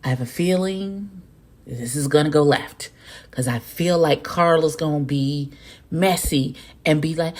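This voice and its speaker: A woman, commenting loudly and profanely as she reacts to a reality show. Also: low voice, a little slow. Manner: loud, profane, animated, talks back at the screen. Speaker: reaction video host.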